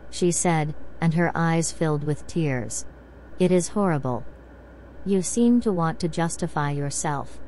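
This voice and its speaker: Female narrator, low voice, soothing bedtime storyteller, faint white noise underneath. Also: low-quality recording. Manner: slow, even, soothing delivery. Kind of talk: calm bedtime story reading.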